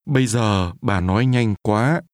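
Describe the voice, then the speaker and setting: A man modelling phrases for a language course, with careful, clear enunciation for the learner to repeat. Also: fairly low pitch, moderate pace, no echo, clean studio sound.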